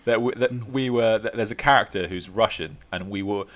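A man's voice: lowish voice, brisk, fairly bright tone. A young man chatting casually as a podcast co-host, rambling and laughing often. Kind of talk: casual chat.

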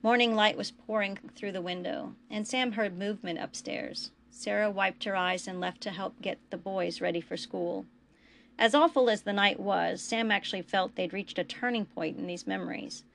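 Gravelly woman reading a quiet story. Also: medium pitch, normal speed, slight background noise. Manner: quiet, even storytelling read. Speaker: podcast host and story reader. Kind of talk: reading fan fiction aloud.

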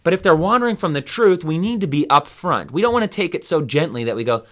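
A man's voice: on the high side, very animated, quick pace, few pauses, fairly bright tone. Man rambling through a Bible study. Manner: rambling, many fillers and restarts. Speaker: podcast Bible study host. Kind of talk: conversational Bible teaching.

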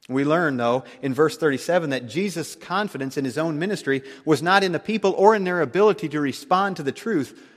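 A man preaching a sermon, emphatic, swinging between loud declarations and hushed tones. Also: on the high side, a little fast, few pauses, long reverb tail.

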